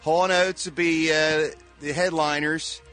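A man's voice: fairly high pitch, unhurried, faint music behind. A man hosting a showbiz news segment on a morning radio show, talking in a playful, teasing way. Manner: playful, teasing, animated delivery. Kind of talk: casual morning radio chat.

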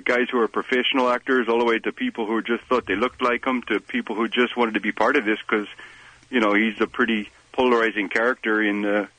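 A man's voice: fairly low pitch, flat delivery, fairly quick, sharp tone, no echo, low-quality recording. A man, a guest on a radio interview, rambling with lots of fillers. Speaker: guest, show writer.

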